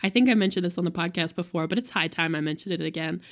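A young woman co-hosting a podcast in casual chat, her voice raspy and hoarse from overuse, animated and quick to laugh. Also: lowish voice. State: hoarse, voice worn out. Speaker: podcast co-host.

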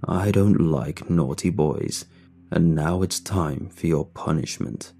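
A man doing a deep, slow, menacing giant creature. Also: gravelly, dark tone, slightly rough, exaggerated voice. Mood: cold anger.

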